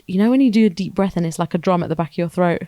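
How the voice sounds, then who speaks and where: A woman's voice: fairly low pitch, rapid-fire, warm tone, no echo. A woman co-hosting a podcast, chatting casually and rambling as she thinks aloud. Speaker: podcast co-host. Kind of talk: casual chat.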